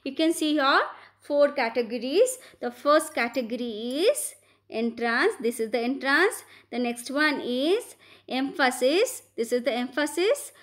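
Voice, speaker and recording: A woman's voice: high-pitched, expressive, a little slow, a bit bright. A woman teacher with an Indian English accent, walking students through slides in a patient classroom lesson, repeating points and checking in with "right?".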